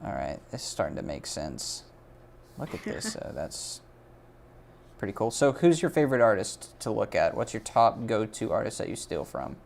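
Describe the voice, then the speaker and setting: A man hosting a casual livestreamed portfolio review, excitable and jokey, gushing over the artwork. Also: lowish voice, normal speed, gravelly, slight background noise. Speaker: host of a portfolio review stream.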